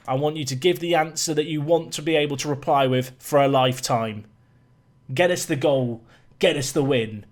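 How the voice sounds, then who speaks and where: A man giving casual, self-mocking commentary while playing a football management game, swinging from match calls to mock panic. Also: fairly high pitch. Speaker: gaming YouTuber. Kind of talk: casual Let's Play commentary.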